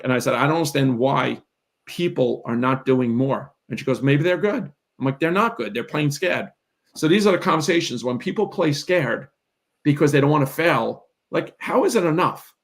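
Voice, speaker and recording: A middle-aged man with a gravelly voice gives a motivational talk over a live video call. He talks emphatically and keeps checking in with "right?". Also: mid-range voice, a bit bright. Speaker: real estate coach.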